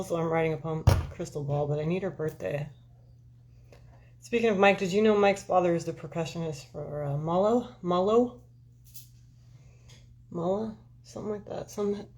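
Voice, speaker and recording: A woman with a fairly low-pitched voice talks casually to her live-stream viewers. She rambles from thought to thought and swears freely, candid and unfiltered as she calls out to people in the chat. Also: darkish tone. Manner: rambling, candid and profane, talking straight to viewers. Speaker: livestream host chatting with viewers.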